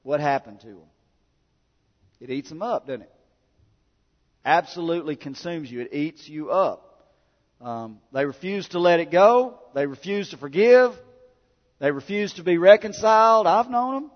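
A male pastor preaching a sermon. He moves from quiet conversational asides to loud, repeated exhortations. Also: a little high, expressive, normal speed, pauses often. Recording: dull sound with long hall reverb.

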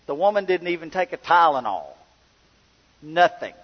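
A man's voice: fairly high pitch, sing-song, moderate pace. A middle-aged man, a pastor telling a personal story in a folksy, conversational sermon. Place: church. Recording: dull sound with long hall reverb.

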